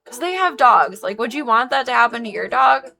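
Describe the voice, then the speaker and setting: Bright-voiced woman venting on stream. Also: on the high side, expressive, brisk, creaky, faint music behind. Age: 30s. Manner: frank, emphatic, swears freely. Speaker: streamer and dog groomer. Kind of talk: casual live-stream chat.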